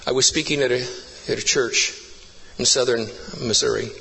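A man's voice: medium pitch, fairly even intonation, normal speed, creaky, sharp tone, slightly rough, long reverb tail, low-quality recording. A man preaching a sermon, telling stories earnestly and building to emphatic repeated phrases.

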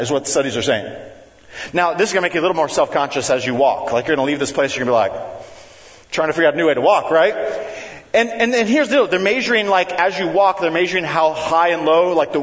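A man preaching a sermon, telling family stories in a chatty, animated way and acting out his kids with sudden jumps in his voice. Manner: animated, conversational, acts out family members with big pitch jumps. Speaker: pastor. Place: church sanctuary. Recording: long reverb of a large hall.

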